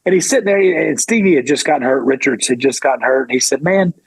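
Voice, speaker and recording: A middle-aged man, a former pro wrestler, telling a lively story in an interview. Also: mid-range voice, quick pace, creaky, husky, no echo, low-quality recording. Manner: animated, acts out quoted voices.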